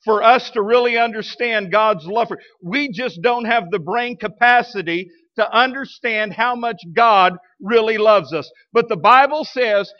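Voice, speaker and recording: A male pastor with a Southern American accent delivers a lively sermon, his loudness rising and falling as he preaches. His voice sits unusually high for a man. The recording sounds dull and lo-fi, as if taped in a church. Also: measured pace, hardly any pauses. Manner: animated, preaching with shifting loudness. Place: church sanctuary.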